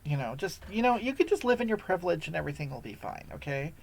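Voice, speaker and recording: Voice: medium pitch, very animated, fast, gravelly. Someone putting on a holier-than-thou streamer woman, super preachy, voice bouncing all over, scolds chat n sighs a lot. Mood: scolding. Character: sanctimonious self-righteous woman livestreamer. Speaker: livestream host answering viewer comments. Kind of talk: satirical character livestream.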